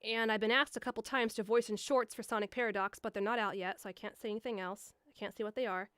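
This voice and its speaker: A young woman voice actor chatting on a live stream, rambling casually with lots of fillers and bursting into higher voices to act out quoted lines. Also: steady tone, fast talker, fairly bright tone, smooth, dry recording, clean studio sound. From Milwaukee area. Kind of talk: casual live-stream chat answering viewers. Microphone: studio mic, a foot away.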